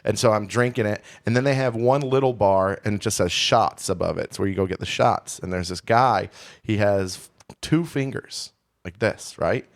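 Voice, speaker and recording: A man's voice: fairly low pitch, normal speed. A man from Houston, a podcast co-host, telling a candid, rambling, self-deprecating story in casual chat. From Houston, Texas.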